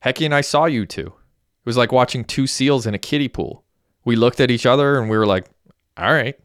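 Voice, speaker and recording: A man's voice: medium pitch, brisk, no echo, clean studio sound, pitched above the performer's own voice, lightly acted. A man voicing a cocky, joking young man who talks in a brash, teasing, upbeat way.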